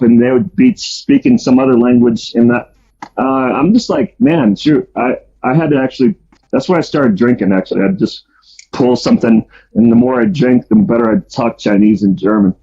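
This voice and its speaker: A man's voice: medium pitch, expressive, a little fast, mellow, husky. A man casually telling his life story, rambling with many ums and restarts. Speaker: storyteller guest. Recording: dull lo-fi sound.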